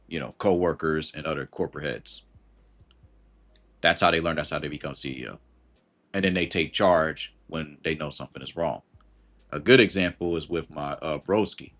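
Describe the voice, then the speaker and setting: A man's voice: extremely low pitch, a bit bright. A man talking casually on a livestream, giving slangy advice and greeting viewers as he goes. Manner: conversational and slangy, greets chat viewers mid-thought.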